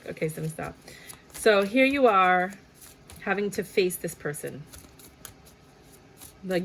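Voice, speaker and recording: A woman's voice: lowish voice, animated, unhurried, creaky, long pauses, a bit bright, a little hiss or hum. A woman giving a casual tarot reading in a chatty way, often laughing and acting out little quotes. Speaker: tarot reader.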